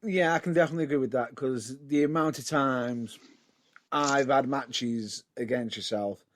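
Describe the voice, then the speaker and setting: A man's voice: medium pitch, normal speed. A man with a British accent, a wrestler in casual chat, laughing often and protesting with repeated no's.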